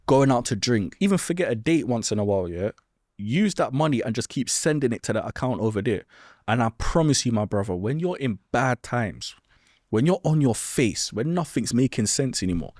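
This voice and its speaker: A young man talks straight into the mic, blunt and lecturing, as he hands out advice on his own podcast. His voice sits at an ordinary middle pitch, and the sound is close and dry with no room around it. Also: a little mellow, no echo. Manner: blunt, lecturing, keeps asking "do you understand?". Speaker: podcast host. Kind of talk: solo advice monologue.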